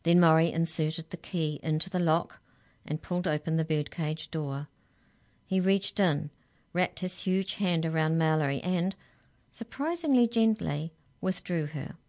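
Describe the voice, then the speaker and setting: A woman storyteller reading a children's story aloud in a measured, expressive way. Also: low voice.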